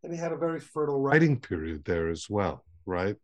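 A man's voice: medium pitch, very animated, fairly quick. A man hosting a literary podcast, asking long rambling questions that often end in "right?". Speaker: podcast host. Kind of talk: conversational interview.

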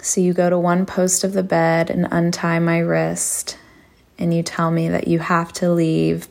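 A woman narrates an intimate erotic story at an unhurried crawl, her low voice thick with gravelly fry. She stays hushed and sultry and slips into whispers. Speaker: podcast host.

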